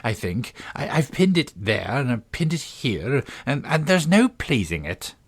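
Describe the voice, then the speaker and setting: A man's voice: medium pitch, big pitch swings, a little slow, husky, voice pushed up, exaggerated voice. A man voicing a flustered, melancholy old queen in a storybook reading, fussy and helpless in manner.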